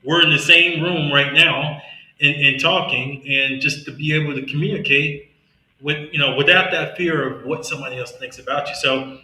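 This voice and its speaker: Bright-voiced Southern man with a lisp. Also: on the high side, fairly even intonation, moderate pace, echoey room, low-quality recording. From Mississippi, US. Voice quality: slight lisp. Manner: earnest, motivational. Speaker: podcast host. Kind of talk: casual conversation.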